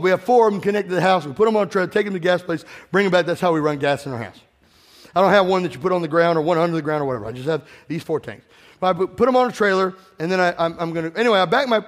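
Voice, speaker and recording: A man's voice: high voice, animated, very fast. A man preaching a sermon to his congregation, urging them to call out responses and telling stories from his own life. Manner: exhorting, calls for congregation responses, tells personal stories. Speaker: pastor. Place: church sanctuary with congregation. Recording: long reverb of a large hall.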